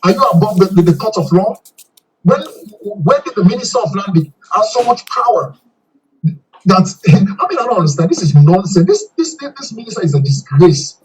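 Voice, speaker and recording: A man's voice: high voice, animated, fairly quick, a little mellow, far from the mic, faint music behind, low-quality recording. A man with a Sierra Leonean accent, giving a fiery interview and repeating himself when angry. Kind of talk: impassioned interview.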